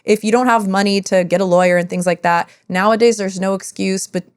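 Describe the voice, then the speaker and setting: A woman hosting a casual interview podcast, asking relaxed, open questions with plenty of fillers. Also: mid-range voice, brisk, clear, resonant tone. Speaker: podcast host.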